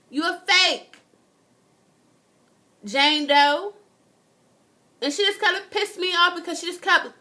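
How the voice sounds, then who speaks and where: A woman's voice: high-pitched, sharp tone. A young woman, giving a casual, indignant TV review and swearing freely. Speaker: vlogger.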